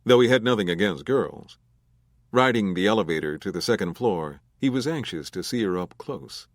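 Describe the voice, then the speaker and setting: Low-voiced male crime audiobook narrator. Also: expressive, moderate pace, no room sound, studio quality. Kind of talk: scripted narration.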